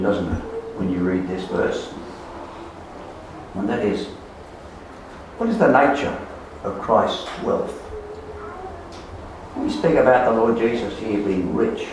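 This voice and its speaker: Slow emphatic preacher in an echoey hall. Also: male voice, mid-range voice, slight background noise. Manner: slow, emphatic, repeats key words and trails off softly. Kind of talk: sermon. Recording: roomy echo, voice far from the mic.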